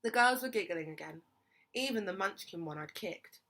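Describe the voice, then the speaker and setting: A woman reading a children's novel aloud with steady, expressive narration. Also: mid-range voice, moderate pace. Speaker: reader.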